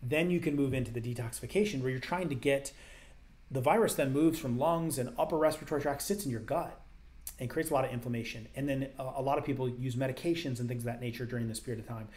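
A man's voice: mid-range voice, quick pace, a little mellow. A man hosting a casual health Q&A show, answering viewer questions in a conversational, explanatory way with emphatic repetition.

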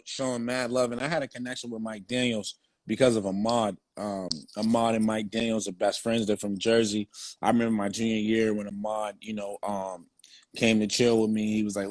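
A man's voice: lowish voice, level tone, brisk, dry recording. A young man, a former football player, telling his story in casual, slang-heavy, profane talk.

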